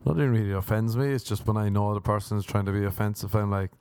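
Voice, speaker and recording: A man's voice: fast, darkish tone, smooth, no echo. Guy in his 30s rambling through a comedy bit, self-mocking, dry close mic. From Ireland. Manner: rambling, self-mocking, jumps into high squeaky put-on voices. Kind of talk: comedic monologue.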